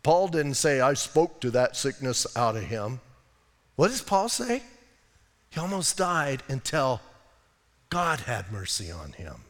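An American man preaching a sermon as a pastor, expressive, moving between hushed moments and loud, emphatic stretches. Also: mid-range voice, takes it slowly, in a large hall. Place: church sanctuary.

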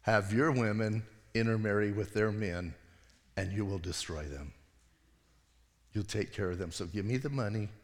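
A man's voice: on the low side, normal speed, voice pushed down, natural voice. A scheming male prophet who cares only for money speaks in a dropped, sly, matter-of-fact voice, put on by a male preacher. The words carry a long church reverb. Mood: sly, greedy.

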